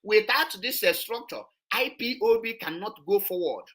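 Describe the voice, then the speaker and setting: A woman's voice: mid-range voice, lively intonation, normal speed, fairly bright tone. A woman, hosting an online show and commenting on a played clip, emphatic and repetitive. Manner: emphatic, repetitive, switches into Igbo.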